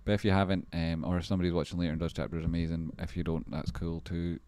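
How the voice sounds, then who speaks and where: A man's voice: low-pitched, little pitch movement, fast talker, mellow, no room sound. A man hosting a casual livestream, rambling and swearing freely as he reads out viewer names and thanks supporters. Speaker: livestream host.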